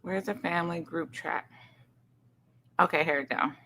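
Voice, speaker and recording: Bright-voiced effusive woman livestream host. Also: moderate pace, slight background noise. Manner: effusive, loud high greetings, says honey and sugar. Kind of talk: casual livestream chat greeting viewers. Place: son's home streaming setup.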